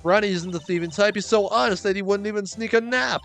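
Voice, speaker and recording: A man's voice: sits high, fast talker, vocal fry, fairly bright tone, faint music behind, voice pushed up. A man voicing a dramatic, devoted wife in a game, with a theatrical, swooning manner. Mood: indignant. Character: gushing devoted middle-aged wife, dramatic, easily offended.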